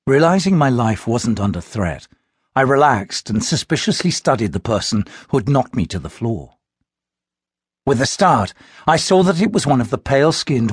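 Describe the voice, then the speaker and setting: A man narrating an audiobook in the first person, telling the story with expressive, tense delivery. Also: medium pitch, slightly rough, no echo, studio quality.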